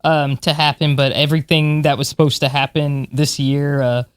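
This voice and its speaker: A woman's voice: sits low, level tone, normal speed, dry recording. A woman in her forties, a podcast co-host and space historian, talking in an enthusiastic, chatty way. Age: 40s. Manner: enthusiastic, chatty, laughs often. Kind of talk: casual chat.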